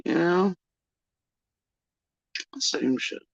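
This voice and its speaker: A man's voice: high-pitched, lively intonation, extremely slow, gravelly, no echo. A man telling a long, agitated, profane story on a livestream, repeating himself as he goes. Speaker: livestreamer recounting personal events. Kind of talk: rambling livestream monologue. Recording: dull lo-fi stream audio.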